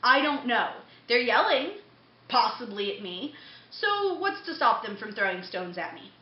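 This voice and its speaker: A young woman vlogging, telling a story in a blunt, profane, quick-tempered way. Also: a little high, very animated. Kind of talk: casual storytelling to camera. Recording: dull echoey room recording with faint hum.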